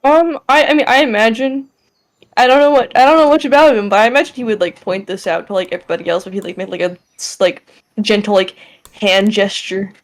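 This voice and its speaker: A woman's voice: medium pitch, brisk. A woman playing a tabletop game in casual chat, hedging and leaning heavily on fillers. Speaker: player.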